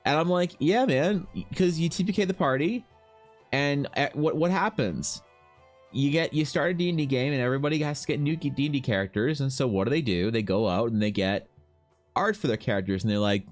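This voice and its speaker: A man's voice: medium pitch, brisk, soft background music. A man streaming live as a fantasy artist, chatting casually with viewers in a rambling, profane, joking way, full of restarts. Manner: rambling, profane, jokey storytelling with many restarts. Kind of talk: casual livestream chat. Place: home streaming setup.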